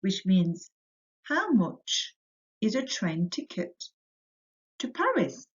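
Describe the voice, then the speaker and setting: A woman teaching a French lesson to young children, saying words slowly for them to repeat, her pitch rising on each French word. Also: big pitch swings. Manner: slow, drilling words for repetition, rising on French words. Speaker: primary school French teacher. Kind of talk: recorded remote lesson for children. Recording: dull lo-fi audio.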